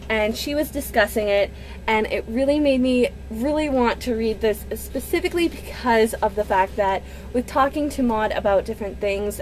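A woman in her twenties, gushing and excitable in a casual unboxing vlog at home, with gasps and squeals. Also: on the high side, a little hiss or hum. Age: 20s. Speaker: book vlogger.

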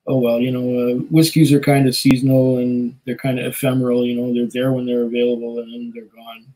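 Guy rambling on a home live stream, lots of uhs and little chuckles, mid pitch. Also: monotone, brisk, dark tone, poor audio. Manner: rambling, chatty, many fillers and small laughs. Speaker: live stream host reading chat. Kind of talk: casual chat.

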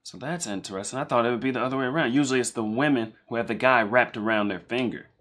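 A man hosting a live-stream reaction, chatting casually and thinking out loud in a rambling way. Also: medium pitch, fast.

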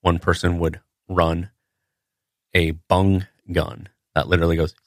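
A butcher who hosts a podcast casually explains how a poultry line works, matter-of-fact and with frequent fillers, in a casual storytelling style. His low voice is very animated and he takes it slowly. The sound is clean studio audio with no room sound.

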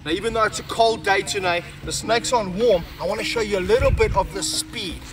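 A man presenting a wildlife vlog while handling snakes, out of breath and excited. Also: sits high, a little fast, noisy background. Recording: music bed under the voice.

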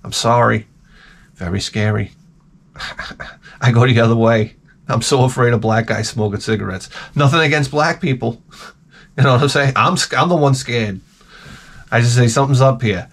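A man hosting a video, telling a rambling, profane comic rant with lots of restarts and asides, swinging between loud bursts and muttered remarks. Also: mid-range voice, normal speed, vocal fry, pauses often. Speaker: video host.

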